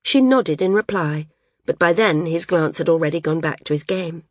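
A woman reading a novel aloud as an audiobook narrator, in a measured, unhurried storytelling manner. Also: fairly low pitch, no echo, clean studio sound. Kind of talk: scripted narration.

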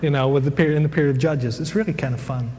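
Chatty, joking male Bible lecturer, fairly high voice, long hall reverb, faint noise. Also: fairly even intonation, racing, a little mellow. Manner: chatty, digressive, joking, many fillers. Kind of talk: humorous lecture to an audience.

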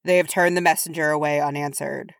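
A woman voicing a grave, weary male dwarf king who keeps his voice even and restrained. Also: sits low, brisk, vocal fry, dry recording, clean studio sound. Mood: strained calm.

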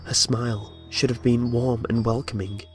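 A man's voice: mid-range voice, flat delivery, normal speed. Male horror narrator, dramatic storytelling, light music bed. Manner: dramatic storytelling with voiced dialogue.

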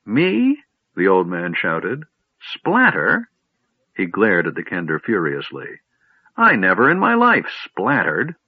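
A man's voice: mid-range voice, huge pitch swings, a little slow, slightly rough, no echo, exaggerated voice. A man voicing a vague, fussy old male wizard who rambles absent-mindedly and gets huffy. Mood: indignant. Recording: tinny phone-like line, dry.

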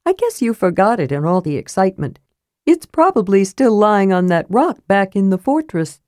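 A woman voicing a small, eager young male kender who speaks in quick, high, chirpy bursts. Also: very animated, dry recording, studio quality, lightly acted. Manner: bright, eager, rising questions.

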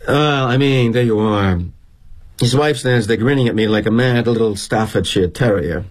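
An actor playing a sardonic middle-aged executive. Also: male voice, medium pitch, normal speed, lightly acted. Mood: wry. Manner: wry, sardonic, confiding. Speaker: corporate executive in a monologue. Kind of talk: theatrical dramatic monologue.

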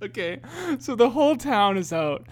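A young man with a high voice tells a story on his podcast in a loose, casual way. He keeps breaking into laughter and drops curse words freely, with the energy of someone amused by his own tale. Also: normal speed. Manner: laughing, swearing, animated. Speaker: podcast host.

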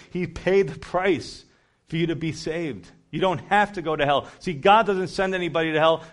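A man preaching an earnest, urgent evangelistic sermon. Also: fairly high pitch.

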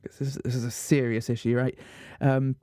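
A man's voice: medium pitch, moderate pace, no room sound, clean studio sound. Self-mocking male radio host. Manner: self-mocking, mock-serious, animated. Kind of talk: comedic radio monologue.

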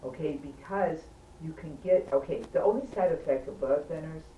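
A woman's voice: deep voice, moderate pace, recorded from a distance, muffled recording. A woman telling a patient's story in casual talk, emphatic and insistent, always urging the listener to hear her out. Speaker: patient recounting a hospital stay. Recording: echoey room, voice from afar, faint noise.

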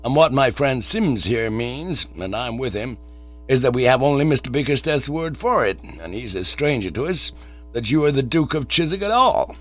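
An eager small-town American booster who talks like a salesman, as a male storyteller puts him on. He runs higher and brighter than the narration, with bouncy pitch, and the recording sounds dull, with a low hum behind it. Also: animated, moderate pace, soft background music, close to an everyday voice. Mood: hearty.

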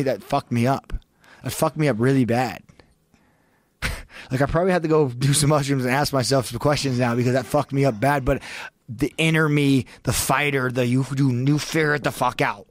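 A man's voice: medium pitch, normal speed. A man with a mid-range voice tells a gripping story, profane, blunt and urgent. His voice jumps up sharply when the tension peaks. The recording is dry and close, with no room echo. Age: adult with a young child. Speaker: podcast guest. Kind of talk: intense storytelling in a long-form podcast.

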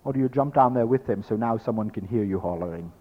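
A man's voice: on the low side, quick pace, highs cut off, slight background noise. A man teaching a spiritual workshop, speaking as "we", emphatic and repetitive, acting out his listeners' thoughts. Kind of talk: workshop lecture to an audience.

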